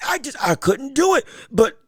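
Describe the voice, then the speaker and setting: A man hosting his own sports podcast, excited and theatrical, talking through being sick. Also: very high-pitched, moderate pace, breathy edge, no room sound, studio quality. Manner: hyped, theatrical, sing-song delivery with exclamations. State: sick, under the weather.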